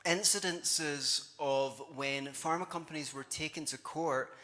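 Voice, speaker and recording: A man's voice: a little high, unhurried, pushed and bright. A man giving a live conference talk, conversational and wry, with sarcastic asides. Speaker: conference speaker. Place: conference hall. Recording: long hall reverb.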